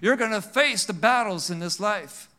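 A male pastor preaching a sermon with call-and-response amens, swinging between emphatic and quiet passages. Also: high voice, moderate pace.

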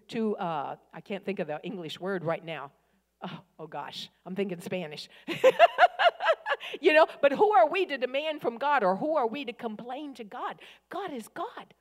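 Woman preacher, middle-aged, emphatic, repeats her lines, long hall reverb. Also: a little high. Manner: emphatic, repeats phrases, calls for amens. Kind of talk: sermon.

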